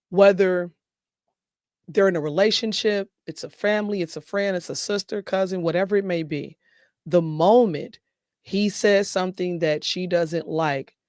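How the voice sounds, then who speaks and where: Woman podcast host, blunt and animated, dry close mic. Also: fairly low pitch, no echo. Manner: blunt, animated, speaks with conviction. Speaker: show host. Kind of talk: casual podcast chat.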